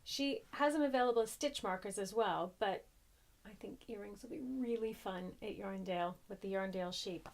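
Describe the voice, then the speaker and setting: A woman's voice: medium pitch, moderate pace, vocal fry, a little mellow. An American woman, a young adult, chatting casually and rambling a bit as a crochet podcaster, cheerfully self-deprecating. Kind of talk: casual chat.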